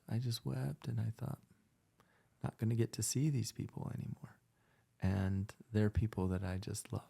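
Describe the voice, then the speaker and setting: A man's voice: lowish voice, gravelly, mellow, husky. A man, a physician hosting a casual conversation, telling heartfelt stories and repeating himself for emphasis. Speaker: physician and podcast host.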